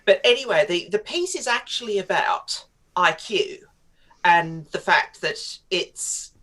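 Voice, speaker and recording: A woman's voice: lowish voice, animated, a little slow, a bit bright. A middle-aged woman, a writer interviewed on talk radio, telling stories in a chatty way with frequent laughs. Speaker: guest writer.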